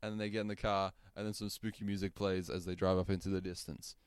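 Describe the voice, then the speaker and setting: A man's voice: low-pitched, quick pace, clear, resonant tone, no echo, studio quality. A man co-hosting a podcast, retelling a film plot in casual chat with jokey asides and silly voices. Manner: jokey, animated storytelling with silly put-on voices. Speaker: podcast co-host.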